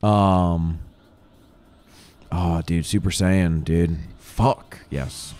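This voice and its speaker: A man's voice: sits low, fairly even intonation, very slow, darkish tone. A young man co-hosting a casual podcast chat, slangy and crude in his talk. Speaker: podcast co-host.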